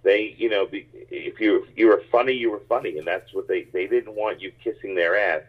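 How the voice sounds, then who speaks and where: A man who grew up in the United States, a stand-up comedian telling rambling, animated stories in a casual interview. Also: fairly low pitch, a little fast, breathy edge. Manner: animated, rambling anecdotes with many restarts. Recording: tinny phone-like line.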